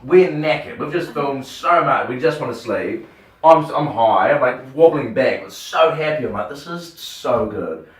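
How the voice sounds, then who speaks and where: Man, New Zealand accent, radio host, animated casual storytelling, roomy room, mic set back. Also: mid-range voice, a little slow. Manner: animated storyteller, swears freely, acts out dialogue. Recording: roomy sound from a distant mic.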